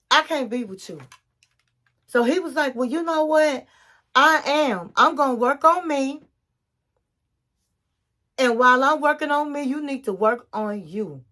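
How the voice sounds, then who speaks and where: High-voiced woman gossiping about a show. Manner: animated retelling, acting out what others said with big pitch jumps; gossipy, conspiratorial asides. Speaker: reality TV recap YouTuber. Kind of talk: casual chat recapping a show.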